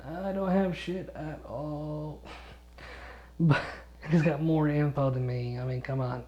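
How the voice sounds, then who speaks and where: A man's voice: fairly high pitch, fairly even intonation, takes it slowly, long pauses, darkish tone. A young man hosting a late-night solo gaming podcast, sleepy, rambling and swearing, losing his thread as he goes. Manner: rambling, swears a lot, chuckles often, loses his thread. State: sleepy, yawning. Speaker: podcast host and gaming YouTuber. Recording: dull lo-fi home recording.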